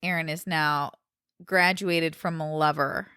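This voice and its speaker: A woman co-hosting a casual podcast, telling stories in an animated, joking way from a living room. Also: deep voice, slow, clear, resonant tone, no room sound, clean studio sound. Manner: animated, jokey storytelling. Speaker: podcast co-host. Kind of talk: casual chat.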